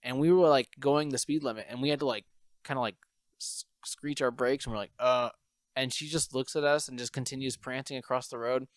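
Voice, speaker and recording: A man's voice: medium pitch, brisk, no room sound. A young man, a podcast host, telling a funny story in casual chat, laughing often and acting out what people said. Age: young adult. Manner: animated storyteller, laughs often, acts out quotes.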